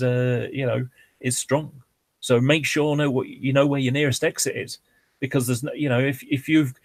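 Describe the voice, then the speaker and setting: A man's voice: mid-range voice, no room sound. A man talking casually as a guest, explaining how airliners work in a chatty, rambling way full of fillers and restarts. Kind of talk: casual livestream chat.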